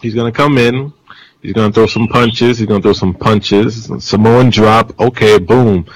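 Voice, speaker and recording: A man in casual podcast chat, animated and acting out matches in the style of a play-by-play. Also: on the low side, moderate pace, poor audio.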